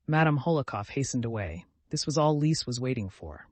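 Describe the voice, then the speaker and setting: A man narrating an audiobook of a classic novel in a measured, expressive reading. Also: mid-range voice, no room sound. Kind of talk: scripted narration.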